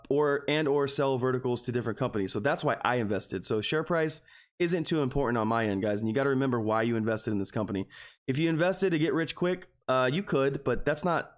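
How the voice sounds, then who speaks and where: A man hosts a live stock-trading stream and chats straight to his viewers. He rambles in an earnest, openly emotional way and keeps calling them "guys". His voice sits at an ordinary middle pitch. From Texas. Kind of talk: casual live stream chat.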